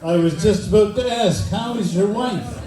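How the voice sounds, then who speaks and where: A man's voice: high-pitched, moderate pace, warm tone, reverberant, recorded from a distance, poor audio. A man acting as the straight man, asking short setup questions during a stand-up act. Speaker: stage partner feeding questions.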